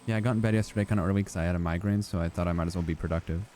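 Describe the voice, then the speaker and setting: A man's voice: low-pitched, fairly even intonation, very fast, darkish tone, slight background noise. A young man casually commenting on his gameplay as he chats with viewers, joking and swearing freely. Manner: joking, profane, chatting with viewers. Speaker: streamer.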